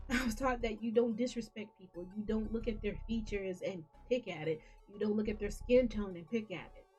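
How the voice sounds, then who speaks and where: A woman's voice: mid-range voice, moderate pace, a little mellow, slightly rough, soft background music. A woman hosting her own gaming channel, talking to camera in a casual, earnest, rambling way with many restarts.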